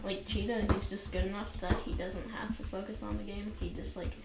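A woman's voice: medium pitch, level tone, a little fast. Rambling woman gaming in an echoey basement. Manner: rambling, filler-heavy, self-mocking, easily frustrated. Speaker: gaming commentator. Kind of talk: casual gameplay commentary. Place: cold basement room by a window. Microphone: new USB desk mic. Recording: roomy echo with noisy background.

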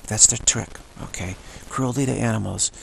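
A man's voice: lowish voice, normal speed, vocal fry, a little hiss or hum, low-quality recording. A male yoga teacher giving a rambling spiritual talk, emphatic and full of repetition. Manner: emphatic, repeats himself.

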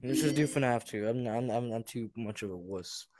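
A young man doing casual let's-play commentary, jumpy and swearing, muttering low and then yelping. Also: moderate pace, background noise. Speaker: gaming youtuber.

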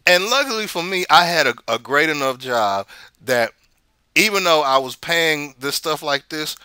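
A man's voice: a little high, animated, a little slow, pauses often, sharp tone, smooth, dry recording, studio quality. A man hosting a casual money commentary show, rambling and repeating words as he tells stories.

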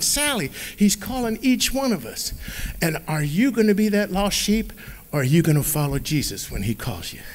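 A man telling a children's Bible story at church in an expressive, playful manner. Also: high voice. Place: church sanctuary.

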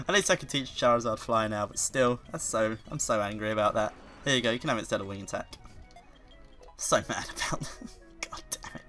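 A man doing video game commentary, excitable and quick to curse, with sudden loud outbursts. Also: fairly low pitch, faint music behind. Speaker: let's play commentator.

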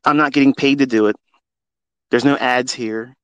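Over a lo-fi, dry recording, a middle-aged man speaks in a clear, resonant mid-range voice with fairly even intonation and a moderate pace. He's a trading mentor hosting a live audio space from his phone. He delivers a passionate, preachy, unscripted and heartfelt monologue with blunt swearing.

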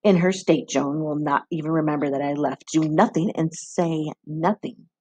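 A woman's voice: low-pitched, moderate pace, mellow, breathy edge, no room sound. A woman voicing a harsh, greedy village midwife in a storybook reading. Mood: cold, scornful.

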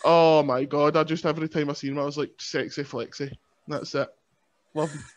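A man's voice: a little high, flat delivery, fairly quick. A Scottish man, a wrestler and podcast guest, chatting casually in a joking, self-mocking, rambling way.

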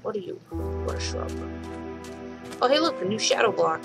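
Casual let's-play host, woman, mid-pitched, game music underneath. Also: very animated, normal speed, gravelly, poor audio. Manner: chatty, talks to game animals, swears lightly. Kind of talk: casual gameplay commentary. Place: home room.

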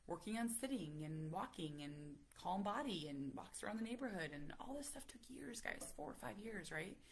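A woman in her thirties, a parent vlogger telling a story in casual, animated chat, full of fillers and acted-out quotes. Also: fairly low pitch, vocal fry, husky. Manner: animated, chatty, many fillers, acts out quotes.

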